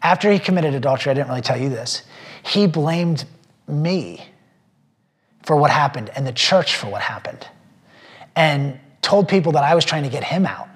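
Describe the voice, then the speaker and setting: A man's voice: fairly high pitch, lively intonation, fairly quick. A man, a pastor, sharing a personal testimony with a small group, earnest and rambling with many fillers and restarts, emotional at times. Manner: emotional when telling faith stories.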